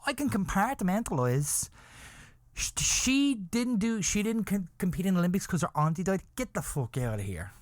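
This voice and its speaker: A man hosting a comedy podcast, telling a crude mock-serious story in a rambling way and breaking into high wailing cries. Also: big pitch swings, normal speed, no echo, studio quality. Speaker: podcast host.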